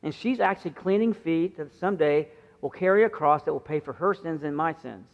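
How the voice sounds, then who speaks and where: High-voiced pastor preaching in a reverberant church. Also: male voice, a little fast. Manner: conversational preaching, acting out quoted voices with rising pitch. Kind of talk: sermon. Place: church sanctuary. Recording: muffled church sound with long reverb.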